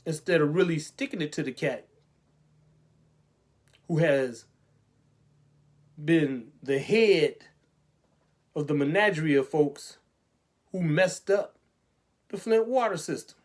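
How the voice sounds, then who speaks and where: Sarcastic talk show host. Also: male voice, fairly high pitch, animated, slow pace, pauses often. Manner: sarcastic, preachy, rhetorical questions. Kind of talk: call-in web talk show monologue.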